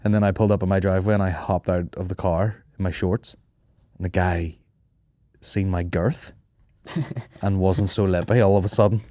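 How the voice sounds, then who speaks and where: A young man with a fairly low voice rambles through comic stories, swearing freely and laughing often. He talks casually as a podcast host. The recording is close and dry, with no room sound. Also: fairly even intonation, normal speed, long pauses, dark tone, dry recording. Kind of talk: casual comedic storytelling.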